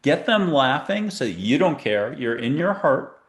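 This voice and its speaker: A man's voice: medium pitch, big pitch swings, moderate pace. Playful rambling man hosting a show. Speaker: podcast host. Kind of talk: casual guided meditation chat.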